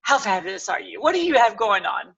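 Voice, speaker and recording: A woman hosting a talk show, bubbly and gushing, exclaiming loudly as she introduces and questions her guest. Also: medium pitch, very animated, quick pace, gravelly, breathy edge, dull audio.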